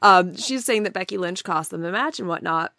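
A woman's voice: on the low side, lively intonation, brisk, gravelly, sharp tone, no room sound, clean studio sound. A woman co-hosting a wrestling podcast in casual chat, enthusiastic and opinionated, often giggling.

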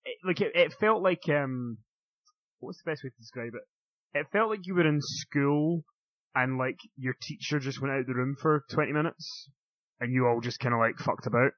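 A man's voice: moderate pace, dry recording. A man co-hosting a casual chat, laughing often as he talks. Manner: laughs often, mimics others in shrill voices. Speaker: podcast co-host. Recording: slightly muffled audio.

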